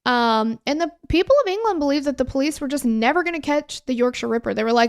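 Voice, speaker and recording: A woman with a high voice co-hosts a true crime podcast. She talks casually and animatedly, full of fillers and exasperated asides, as she walks through the case. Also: expressive, quick pace. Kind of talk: casual conversational storytelling.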